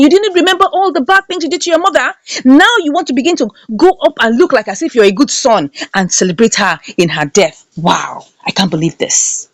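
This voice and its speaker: Woman, high pitch, very lively, dry close sound, emphatic movie recap. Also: a little fast, no room sound. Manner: indignant, emphatic, repeats lines for effect. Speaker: movie reviewer. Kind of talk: animated movie recap and commentary.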